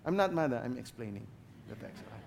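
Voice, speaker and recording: A man with a Filipino accent preaching a sermon as a guest pastor, passionate, swinging between loud emphasis and quiet asides, slipping in Tagalog phrases. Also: medium pitch, expressive, fairly quick, gravelly, a little hiss or hum.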